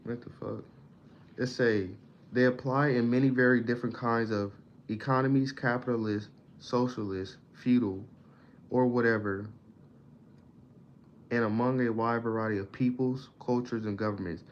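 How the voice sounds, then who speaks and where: A man's voice: medium pitch, steady tone. A man reading a book aloud in a casual study session, stumbling over words and stopping to explain them in plain slang. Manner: reads haltingly, stumbles on words, pauses to define them in slang. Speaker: self-taught reader explaining a book. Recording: dull lo-fi audio, faint background noise.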